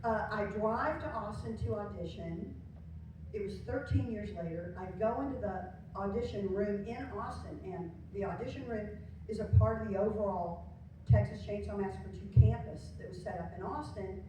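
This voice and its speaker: A woman's voice: mid-range voice, moderate pace. Punchy older woman, echoey panel hall. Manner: punchy, lively, playful. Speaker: panel guest, actress. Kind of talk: storytelling anecdote on a festival panel. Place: large convention hall panel room. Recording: echoey hall, distant mic, background noise.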